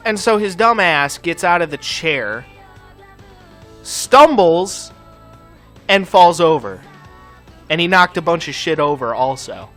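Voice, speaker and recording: A man's voice: on the high side, animated, slow pace, pauses often, bright, forceful tone, soft background music. A man hosting a gaming channel, telling a story in a profane, ranting way while playing. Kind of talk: casual chat while playing a game.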